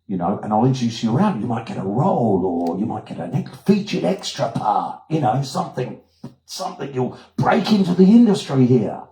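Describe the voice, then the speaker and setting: A brisk, encouraging talent agent, as a man puts her on. She coaxes in a quick, near-ordinary speaking voice. It is recorded in an echoey room. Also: mid-range voice, sing-song, warm tone, pitched above the performer's own voice. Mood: coaxing.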